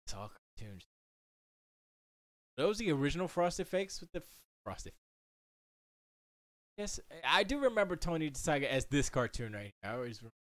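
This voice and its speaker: An animated man chatting on his own livestream from a home studio. His pitch leaps all over the place as he jokes and riffs, and the sound is dry and close with no room echo. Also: moderate pace, long pauses. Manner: animated and joking, jumps into silly quoted voices. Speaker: livestream host. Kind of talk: casual livestream commentary.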